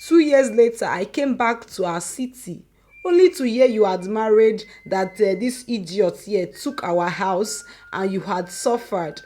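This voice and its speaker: A woman voicing a furious, grieving middle-aged mother who shouts and scolds with sharp exclamations. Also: medium pitch, expressive, measured pace. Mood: tearful, bitter.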